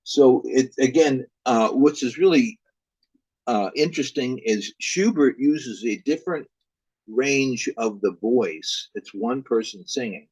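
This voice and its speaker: A man's voice: medium pitch, slow, a little mellow, breathy edge, no echo, poor audio. A man teaching a recorded music lecture, speaking hesitantly with frequent fillers. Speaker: music instructor.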